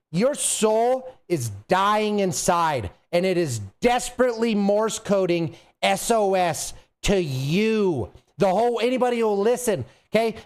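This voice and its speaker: A man hosting a livestream, delivering a theatrical, impassioned mock-serious rant and getting worked up as he goes. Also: high voice. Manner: coughs and trails off between thoughts. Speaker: livestream host.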